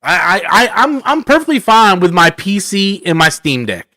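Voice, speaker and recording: A man's voice: high-pitched, very animated, normal speed, bright, forceful tone, dry recording. A man hosting a live stream, rambling casually through chat questions, slangy and full of "man" and "bro".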